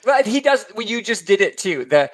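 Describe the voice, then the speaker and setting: A man with a slightly high voice talks casually about films as a podcast host. His delivery is animated and chatty, full of quick asides. The recording is close and dry. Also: dry recording. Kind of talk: casual film discussion.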